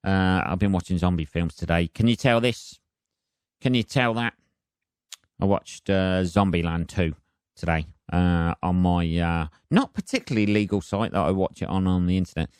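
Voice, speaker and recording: A man's voice: deep voice, moderate pace, clear, resonant tone, no echo, studio quality. A man hosting a solo podcast, rambling and self-mocking with lots of swearing. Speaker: podcast host.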